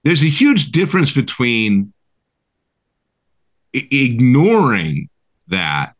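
A man's voice: medium pitch, big pitch swings, slow, long pauses. A man co-hosting a podcast, ranting with heated, emphatic and profane talk, often asking "right?". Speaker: co-host. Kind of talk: impassioned podcast rant.

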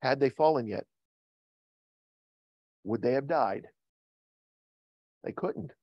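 In a muffled, dry video call recording, a pastor preaches slowly to his church. He cracks jokes, poses questions to the congregation, and his pitch swings animatedly.

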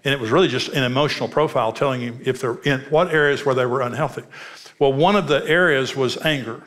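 A man's voice: medium pitch, quick pace, fairly bright tone. Give me a male pastor preaching in an earnest, direct storytelling manner, with a mid-range voice. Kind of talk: preaching with personal stories.

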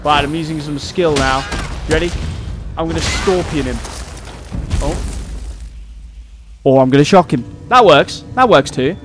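A man's voice: fairly high pitch, a little slow, long pauses. A man giving playful, joking commentary while playing a video game. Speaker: gaming channel host. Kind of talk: let's-play commentary. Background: game music.

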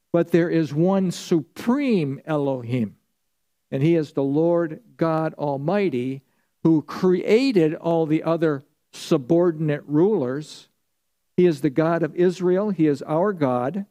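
Mellow-voiced man teaching a Bible study. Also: on the high side, expressive, slow. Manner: conversational teaching, asks the class questions and answers them. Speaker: pastor. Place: church.

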